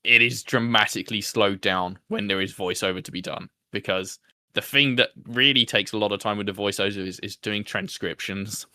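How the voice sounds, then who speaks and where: Self-deprecating male podcast host, chatty, lowish pitch, very dry close sound. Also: steady tone, normal speed, bright, forceful tone, dry recording. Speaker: podcast host being interviewed. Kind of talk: casual chat.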